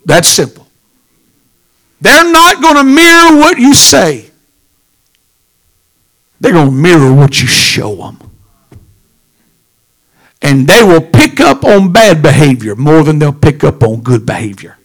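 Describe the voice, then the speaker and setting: A pastor preaching a sermon, swinging from low murmurs to shouted lines. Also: male voice, sing-song, slow, pauses often.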